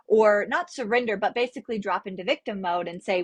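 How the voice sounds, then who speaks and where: Chatty woman with a breathy voice. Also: medium pitch, normal speed, hardly any pauses, no echo. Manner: chatty, animated, laughs often, addresses viewers with "okay?". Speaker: spiritual teacher hosting a live stream. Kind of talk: casual live-stream talk. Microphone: headphone mic.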